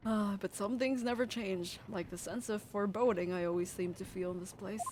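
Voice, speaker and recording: A woman's voice: mid-range voice, fairly even intonation, fairly quick, darkish tone, slight background noise. A woman streaming a game, chatting casually, giggling often, swearing loosely and reading lines aloud. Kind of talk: casual game let's-play commentary.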